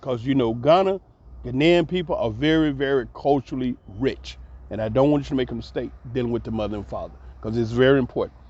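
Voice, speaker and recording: A man telling a long personal story as a vlogger, animated and acting out the voices of the people in it. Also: mid-range voice, fast. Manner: animated, acts out voices, laughs mid-story. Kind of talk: storytelling monologue. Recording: dull lo-fi recording.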